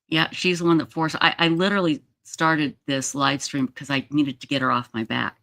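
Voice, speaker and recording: A livestream host talks casually in a rambling, relaxed way, often trailing off. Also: mid-range voice, normal speed, creaky, soft background music.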